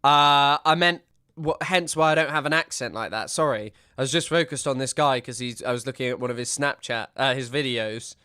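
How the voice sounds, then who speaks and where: A man's voice: mid-range voice, a little fast, sharp tone, smooth, no room sound, clean studio sound. A young man from Southwest England who streams, giving casual, joking, rambling commentary.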